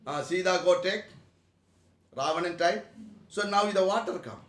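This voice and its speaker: A man teaches a spiritual class in broken English. His voice sits very high and sounds sharp and bright. The room around him is echoey. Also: normal speed. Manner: broken English, rhetorical questions to the audience. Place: meeting room.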